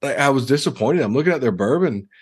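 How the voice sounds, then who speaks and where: A man's voice: mid-range voice, expressive, fast, husky. A man co-hosting a podcast, chatting casually and joking with frequent restarts. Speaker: podcast co-host. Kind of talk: casual chat.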